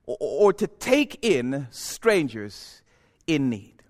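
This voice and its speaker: A man preaching a sermon in a church, building from quiet, reflective passages to impassioned, near-shouted peaks. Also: on the high side, very animated, takes it slowly. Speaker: pastor.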